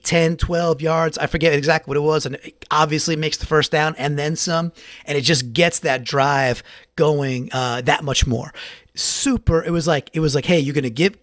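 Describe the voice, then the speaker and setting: A man talking fast and with feeling through a solo sports recap, stacking up repeated phrases for emphasis. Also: on the high side, no room sound. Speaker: podcast contributor.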